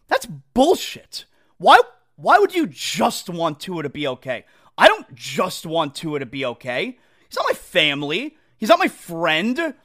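A man hosting a sports talk show, ranting in an exasperated, animated way and mocking what others say. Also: high voice. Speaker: sports radio host. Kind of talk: opinionated sports talk rant.

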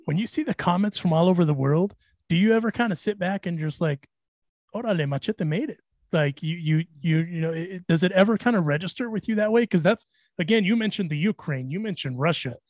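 A man co-hosts this podcast with a joking, easygoing manner, often stumbling and restarting his sentences. His voice is slightly high, and the sound is dry and close. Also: a little fast, a little mellow, no room sound. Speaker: podcast co-host. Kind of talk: casual interview.

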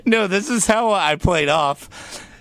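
A man's voice: high-pitched, expressive, slow pace, fairly bright tone. A man telling a crude embarrassing story on a podcast, laughing and swearing as he goes. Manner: crude, laughing anecdote teller. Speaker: podcast co-host.

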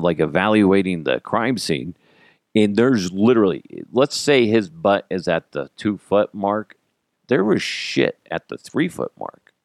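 A man hosting a podcast, telling profane, animated comedic stories about parenting and acting out the quotes. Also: sits low, creaky, no echo, clean studio sound. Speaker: podcast host. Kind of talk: casual comedic storytelling.

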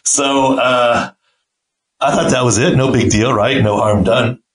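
A man's voice: medium pitch, fairly even intonation, unhurried, poor audio. A middle-aged man, a podcast host and team doctor, telling an anecdote in a casual way and acting out the quoted voices. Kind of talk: casual storytelling.

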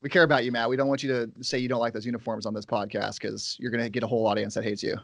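A man's voice: mid-range voice, flat delivery, very fast, vocal fry, fairly bright tone, no room sound, studio quality. A man co-hosting a podcast, friendly and joking in casual chat. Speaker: podcast co-host.

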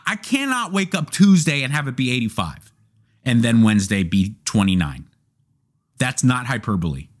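A young man hosts a loose question-and-answer session, reading viewer questions aloud and answering them candidly. His speech is profane and jokey, with a middle-pitched voice that rises and falls in lively swings. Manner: candid, profane, animated and joking. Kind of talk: casual live Q&A chat.

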